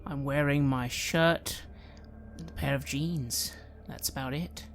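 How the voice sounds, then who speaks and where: A player speaking in character, slow and earnest, sometimes dropping into soft, near-whispered lines. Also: medium pitch, fairly even intonation, slight background noise. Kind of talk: in-character roleplay speech.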